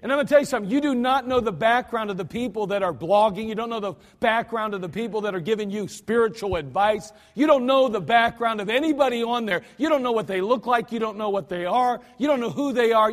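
A man's voice: high-pitched, fast talker, few pauses. A man preaching a sermon in a folksy, emphatic manner, with lots of repetition. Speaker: pastor. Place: church sanctuary. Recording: archived church service with long hall reverb.

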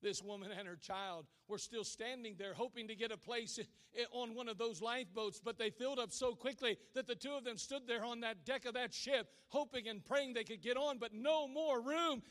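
A male preacher giving a sermon, telling a story dramatically and swinging from hushed lines to shouted ones. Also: extremely high pitch, normal speed, few pauses.

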